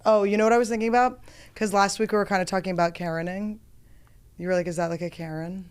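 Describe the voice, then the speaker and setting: A woman's voice: medium pitch, steady tone, fast, clear, resonant tone. A woman hosting a podcast in a studio, rambling through self-mocking comic stories in casual chat. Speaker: podcast host.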